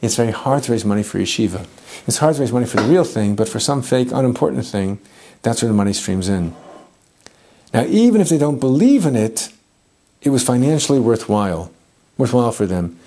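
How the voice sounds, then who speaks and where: A man's voice: mid-range voice, expressive, a little fast, dark tone. A man teaching a Bible story with humor and energy, dropping in Hebrew and Yiddish terms. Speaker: Torah teacher. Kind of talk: animated biblical storytelling lesson.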